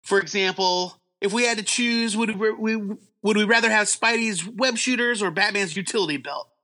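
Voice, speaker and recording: A man's voice: high-pitched, normal speed, pushed and bright. A man co-hosting a casual comics podcast, reading out the listener question. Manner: reads the question aloud, upbeat. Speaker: podcast co-host. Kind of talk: casual chat.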